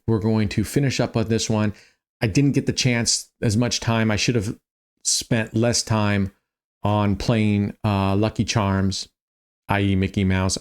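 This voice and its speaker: A man's voice: lowish voice, smooth. A tired man, a roulette streamer, casually talking through his betting strategies and thinking aloud with many small restarts. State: tired, yawning.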